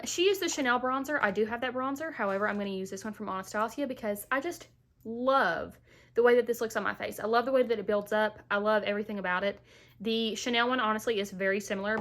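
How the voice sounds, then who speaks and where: A woman's voice: medium pitch, fairly bright tone, a little hiss or hum. A young woman vlogger chatting casually through a makeup tutorial at home, playful and full of asides, a little short of breath while she recovers from illness. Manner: chatty, playful asides, Southern-style "y'all". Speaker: beauty vlogger.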